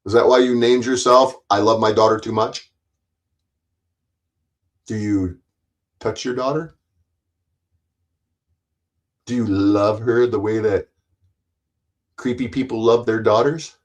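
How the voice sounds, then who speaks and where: A man's voice: lowish voice, fairly even intonation, a little slow, long pauses, low-quality recording. Profane, taunting livestream man. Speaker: livestream host. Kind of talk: livestream chat rant.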